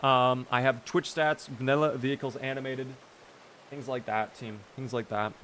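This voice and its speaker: A man's voice: mid-range voice, flat delivery, moderate pace, a bit bright, slight background noise. A man streaming a game live, chatting casually, teasing his character and answering his chat.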